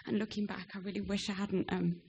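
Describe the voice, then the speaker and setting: A woman's voice: mid-range voice, little pitch movement, fast talker, a little mellow, muffled recording, a little hiss or hum. A young woman giving a hesitant farewell speech in church, with frequent ums, and reading scripture. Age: young adult. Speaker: departing church member.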